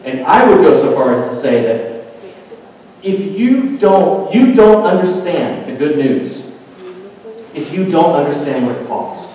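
A man delivers a sermon in a large, reverberant hall, heard from a little distance. His voice sits a touch high for a man. He climbs to intense, rapid peaks, then falls to hushed, quiet stresses. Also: slight background noise. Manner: swings from intense building climaxes to hushed quiet emphasis. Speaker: pastor.

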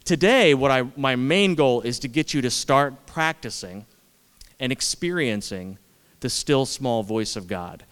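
A man's voice: mid-range voice, animated, a little slow, fairly bright tone, clear, resonant tone. A man preaching a sermon as pastor, conversational and self-deprecating, repeating words for emphasis. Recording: long hall reverb.

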